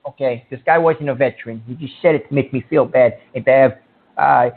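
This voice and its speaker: A man hosting a call-in radio show, brash and quick to insult callers. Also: mid-range voice, vocal fry, breathy edge. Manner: brash, insulting, easily riled. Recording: tinny phone-quality audio.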